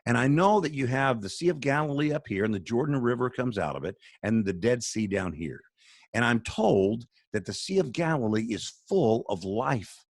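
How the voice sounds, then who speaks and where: A man's voice: mid-range voice, lively intonation, moderate pace, no room sound, studio quality. A man who speaks for a charity, talking on a video call in an earnest, sermon-like storytelling way. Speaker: charity spokesman, radio guest.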